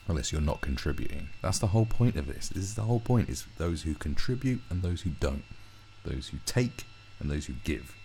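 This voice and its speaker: A man's voice: extremely low pitch, creaky, darkish tone, slight background noise. A man ranting through a commentary video, swearing heavily and often restarting his sentences. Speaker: commentary vlogger.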